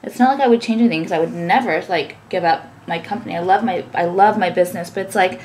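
A woman's voice: on the low side, quick pace, darkish tone, a little hiss or hum. A young woman talking casually to camera, ranting with many fillers and swearing. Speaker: vlogger and business owner.

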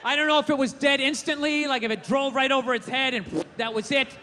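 A man doing stand-up comedy, loud and profane, often building to shouts. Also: extremely high pitch, fairly quick, big-room sound.

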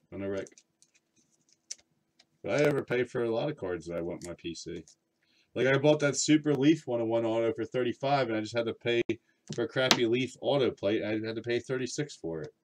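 With slight background noise, a man in a mid-range voice hosts a live card break. He keeps up a rambling, chatty conversation with viewers and reads the card names aloud as he talks.

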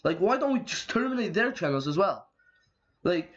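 A man's voice: high-pitched, sing-song, normal speed, dull audio. A young man and YouTuber, ranting angrily and swearing often in a casual vlog. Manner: profane, ranting, exasperated. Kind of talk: angry rant vlog.

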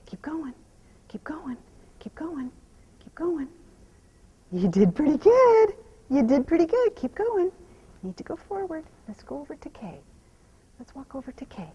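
A woman horse trainer talking out loud while she rides, softly praising the horse and explaining each step. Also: sits high, highs cut off. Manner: soothing praise to the horse, mixed with quiet running explanation. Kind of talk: narrating while riding.

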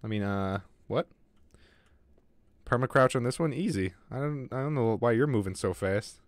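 A man's voice: medium pitch, animated, moderate pace, dry recording. A man streaming a horror game, talking to his chat in a jittery way and swearing often. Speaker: gaming streamer. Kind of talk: live gameplay commentary.

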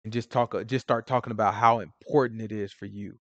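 A man teaching scripture in an informal, emphatic sermon style, swinging from loud declarations to hushed asides. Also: fairly low pitch, steady tone, fairly quick, no echo, highs cut off. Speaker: Bible teacher.

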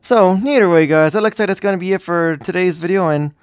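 A man's voice: high voice, a little fast, clear, resonant tone, dry recording, clean studio sound. A man giving casual, jokey gameplay commentary as a gaming YouTuber, rambling and easily sidetracked.

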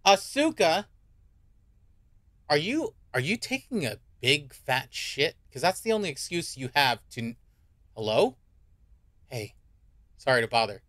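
A man's voice: mid-range voice, big pitch swings, normal speed, a bit bright, dry recording. A man streaming a horror game in casual commentary, reacting jumpily and swearing often. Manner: jumpy, reactive and profane, with repeated worried remarks.

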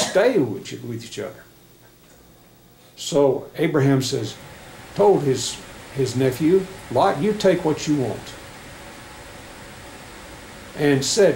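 A middle-aged man preaching a sermon in a church, reading scripture with rising emphasis and halting restarts. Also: medium pitch, darkish tone. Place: church sanctuary. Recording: echoey church room with faint air conditioning hum.

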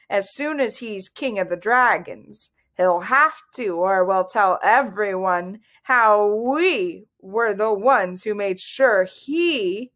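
Woman voicing a young male wizard, pompous, theatrical, haughty, storybook. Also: mid-range voice. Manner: haughty, superior, rising to shrieks.

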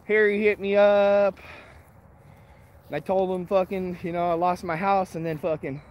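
A man with a high voice talks loosely and profanely while walking outdoors, blunt and laid-back, laughing easily as he answers comments. A faint hiss of outdoor ambience sits behind him. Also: level tone, normal speed, highs cut off. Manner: shouts for his dogs. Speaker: vlogger reading live chat. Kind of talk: casual rambling chat on a walk. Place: outdoors on a morning walk with dogs.

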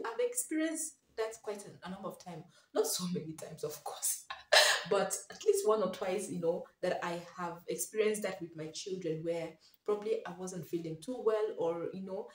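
A woman vlogger speaks earnestly about raising children and drives her points home by repeating them. Her voice sits at a middle pitch and carries a roomy echo. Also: distant mic. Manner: emphatic, repeats key phrases, pleading. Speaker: parenting vlogger, mother. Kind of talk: earnest advice to camera. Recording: echoey room.

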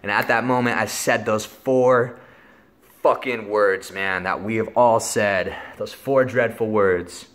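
Young male vlogger, low and bright voice, loose rambling storyteller. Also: unhurried. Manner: rambling, lots of filler words and swearing. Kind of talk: casual storytelling.

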